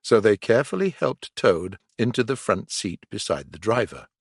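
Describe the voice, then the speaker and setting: A man narrating a storybook audiobook slowly and deliberately for learners. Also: on the low side, expressive, slightly rough, no echo, studio quality. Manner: slow, deliberate reading for learners.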